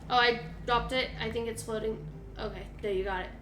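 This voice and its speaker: A woman's voice: a little high, fairly even intonation, brisk, echoey room, noisy background. A woman chatting casually while playing a game, thinking aloud with lots of fillers. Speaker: game co-player. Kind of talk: casual gaming chat.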